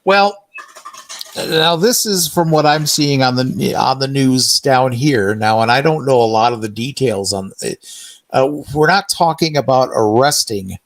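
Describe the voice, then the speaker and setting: A man co-hosting a casual political chat on the radio, hesitant and filling pauses before making his point. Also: mid-range voice, no room sound. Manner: hesitant, many fillers before getting to the point. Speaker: radio show co-host.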